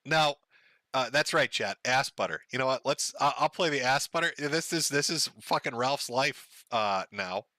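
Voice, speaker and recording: A man's voice: mid-range voice, animated, moderate pace, pushed and bright, dry recording. An older man hosting a stream, giving mocking, profane commentary and laughing at his own jokes. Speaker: streamer host.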